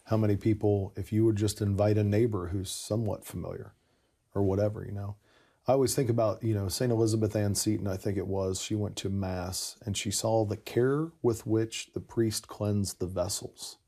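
A man telling the story of his conversion in a casual conversation, animated and laughing often. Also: lowish voice, moderate pace.

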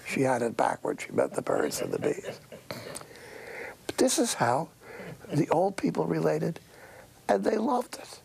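An older man, a priest, giving a sermon in a wry, earnest storytelling way, with a raspy, breathy voice and many hushed asides. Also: on the high side, wildly swooping pitch, a little slow, long pauses.

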